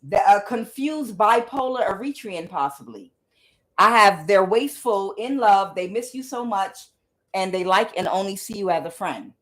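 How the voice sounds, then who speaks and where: A woman's voice: mid-range voice, fairly bright tone. Blunt, profane woman reading tarot. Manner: talks aloud to the Holy Spirit, blunt and profane. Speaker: tarot reader. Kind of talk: casual spiritual tarot reading.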